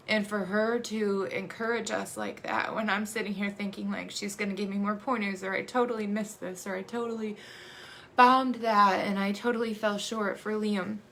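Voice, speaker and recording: A woman in her thirties, an adoptive mother, tells her family's story in a halting, emotional way, with many fillers and restarts. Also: medium pitch, creaky, sharp tone, slight background noise. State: emotional, choking up. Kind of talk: personal storytelling monologue.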